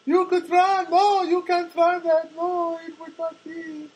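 A man voicing a hesitant Czech woman who delivers the mail, in a high, wavering put-on voice with a Czech accent. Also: little pitch movement, slow pace, darkish tone, low-quality recording. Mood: dithering. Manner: hesitant, rambling, repeats "I don't know".

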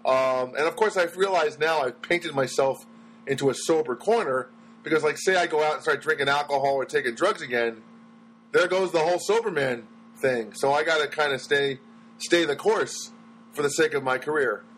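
A man's voice: fairly high pitch, normal speed, fairly bright tone, a little hiss or hum. A man hosting his own podcast in a rambling comic monologue, full of ums, restarts and dry self-deprecating asides. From United States. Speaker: podcast host and stand-up comedian.

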